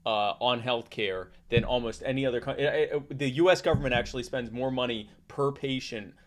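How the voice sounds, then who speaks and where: A man's voice: mid-range voice, fairly quick. A man from the United States hosting a casual podcast interview, chatty and joking as he reads out listener questions. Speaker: podcast host.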